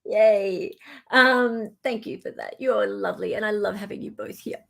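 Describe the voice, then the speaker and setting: A woman's voice: mid-range voice, moderate pace, gravelly, fairly bright tone. Giggly Australian woman hosting. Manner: bubbly, giggly, chatty. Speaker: livestream host. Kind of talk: live chat show.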